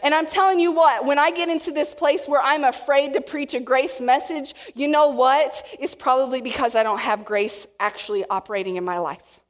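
A woman preaching a sermon to a congregation, animated and acting out quotes in different voices. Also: sits high, moderate pace, hardly any pauses. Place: church hall with audience. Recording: long reverb of a hall.

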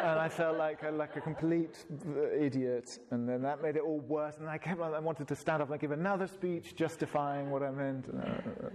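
A man's voice: on the high side, unhurried, a little mellow, slight background noise. A man telling a reflective personal story in a wry, self-deprecating way, laughing at himself.

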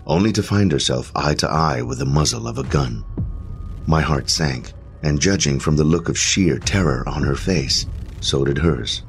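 A man's voice: extremely low pitch, slight background noise. A man narrating a first-person horror story in an emotional, intense way.

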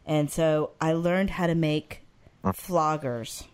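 A woman's voice: sits low, clear, resonant tone. A woman in casual podcast banter, teasing and laughing often. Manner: slow, teasing, laughs a lot. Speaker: podcast co-host. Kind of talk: casual chat.

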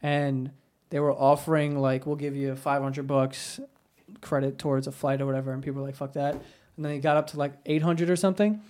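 A man's voice: medium pitch, level tone, a little fast, darkish tone. A man hosting a podcast, telling a story in crude, casual chat with lots of swearing. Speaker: podcast host.

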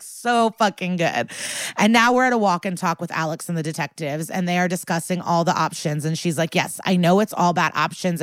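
Animated woman recapping a TV episode. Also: lowish voice, no echo. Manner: animated, acts out the characters' lines. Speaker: podcast co-host. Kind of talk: casual chat recapping a TV episode.

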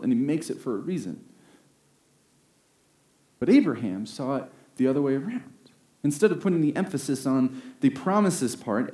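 A man preaching a sermon, earnest, rising to emphatic peaks and slowing down on key phrases. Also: a little high, mellow. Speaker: pastor. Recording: roomy echo.

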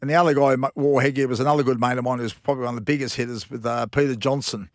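A man's voice: medium pitch, fairly even intonation, rapid-fire, dry recording, studio quality. A former rugby league player in his fifties with an Australian accent, telling rambling, slangy anecdotes in a casual interview.

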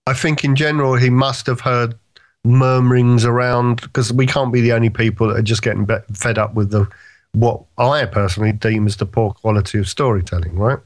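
A man talking on a podcast, opinionated and holding forth at length, often tagging "right?" on the end. His voice sits at an ordinary middle pitch. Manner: opinionated, talks in long stretches with "right?" checks. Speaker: podcast co-host. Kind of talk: casual chat.

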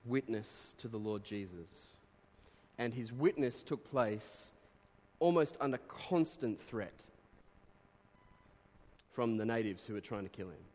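A man preaching a sermon, reading quotes aloud and breaking into animated exclamations. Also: medium pitch. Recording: long reverb of a hall.

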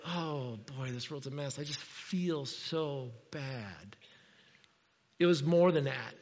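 A middle-aged man preaching a sermon in a lively, conversational way, full of rhetorical questions. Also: fairly high pitch. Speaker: pastor. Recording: reverberant hall, dull lo-fi sound.

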